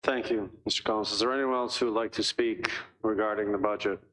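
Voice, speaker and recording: Male board chair, lowish voice, formal and repetitive procedural delivery. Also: steady tone, fast talker, a bit bright, rough recording. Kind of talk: chairing a public hearing.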